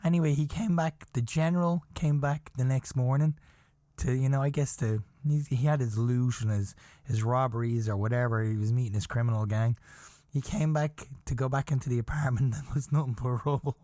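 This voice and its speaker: A man's voice: mid-range voice, fairly quick, no echo, studio quality. Chuckling man telling a wild story. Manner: animated, chuckling, swears, keeps insisting the tale is true. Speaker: podcast host. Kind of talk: casual storytelling.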